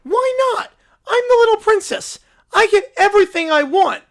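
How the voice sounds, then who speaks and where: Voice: extremely high pitch, animated, moderate pace. A performer voicing a bossy, spoiled cartoon little princess who demands everything her way. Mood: bratty. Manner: bratty, demanding.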